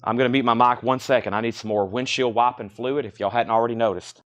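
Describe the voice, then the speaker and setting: A man hosting a live record sale indoors, briskly listing titles and prices in a chatty auctioneer way, a little choked up. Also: medium pitch, fairly even intonation, a bit bright. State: slightly choked, coughing. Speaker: livestream record seller. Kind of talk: live sales stream.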